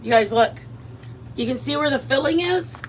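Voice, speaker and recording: A woman hosting a home cooking video, chatting loudly and playfully with viewers and her husband. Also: sits high, normal speed, a little hiss or hum, poor audio. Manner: lively, loud, playful, laughing. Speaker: cooking vlog host. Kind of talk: casual cooking chat with viewers.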